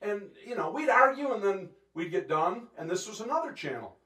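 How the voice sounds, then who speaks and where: Man preaching, intense and animated, fairly high voice, roomy church echo. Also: a little fast. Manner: intense, animated preaching with laughs and acted quotes. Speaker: pastor. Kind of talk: sermon. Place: church sanctuary.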